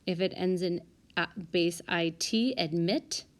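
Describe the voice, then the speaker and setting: Woman, teacher, slow deliberate pace, lowish voice, methodical, self-correcting. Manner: calm, methodical, corrects herself aloud. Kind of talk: recorded spelling lesson walkthrough. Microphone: tablet microphone.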